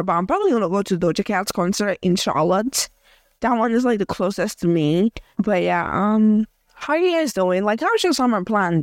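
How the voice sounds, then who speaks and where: A young woman from Africa hosts a casual audio journal podcast, speaking in a mid-range voice. She's chatty and rambling, with many fillers and restarts, and the studio-quality recording has no echo.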